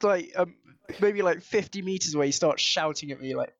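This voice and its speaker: A man's voice: sits high, fairly quick, no room sound. A young man hosts a casual podcast, rambling through a story with lots of filler words. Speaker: podcast host. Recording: dull lo-fi sound.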